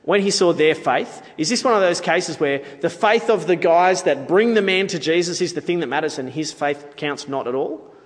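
A man's voice: a little high, animated, normal speed, big-room sound. A man preaching a sermon in a conversational, playful way, with asides to the audience.

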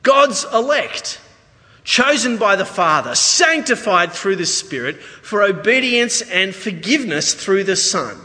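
A man with an Australian accent preaching a sermon, chatty and lively, with asides to the congregation. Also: high voice, unhurried, few pauses. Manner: conversational, animated preaching with asides. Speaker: pastor. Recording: reverberant church hall.

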